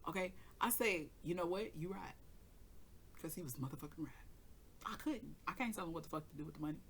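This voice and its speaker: A woman's voice: low-pitched, lively intonation, fast, a little hiss or hum. A woman tarot reader hosting her own channel, telling a personal story in a casual, emphatic way, swearing freely and acting out her side of an argument.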